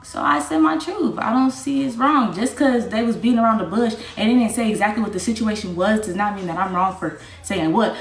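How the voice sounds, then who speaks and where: A woman's voice: fairly high pitch, a little fast, hardly any pauses. Blunt, defiant young woman streamer. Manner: blunt, profane, defiant, repeats herself. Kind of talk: livestream rant. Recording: echoey room with faint music.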